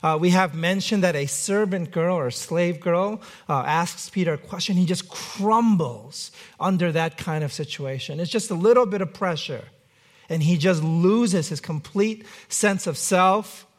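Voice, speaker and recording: A man's voice: high voice, unhurried. A man preaching a sermon as pastor, conversational with light humor.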